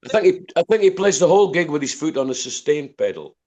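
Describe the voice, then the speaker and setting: Fairly high-pitched and sing-song, with a darkish tone, this older man talks fast. He's a musician from Dundee, Scotland, guesting on a podcast interview and telling long, rambling anecdotes full of repeated words and restarts.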